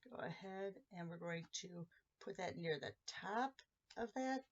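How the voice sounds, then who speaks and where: A woman's voice: on the low side, measured pace, highs cut off, a little hiss or hum. A woman hosting a casual crafting tutorial, chatting as she walks viewers through each step of a handmade card.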